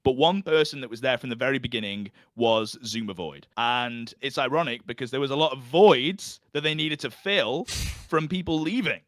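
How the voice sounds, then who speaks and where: A man hosting a casual reaction chat, animated and laughing at his own jokes. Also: medium pitch, moderate pace, no echo, clean studio sound. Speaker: host.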